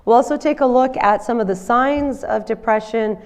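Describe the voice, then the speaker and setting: A woman's voice: a little high, normal speed, a little mellow. A woman counsellor giving a live presentation to an audience. She sounds nasal from a cold and talks in a friendly way, often checking in with the listeners. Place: community centre in front of an audience.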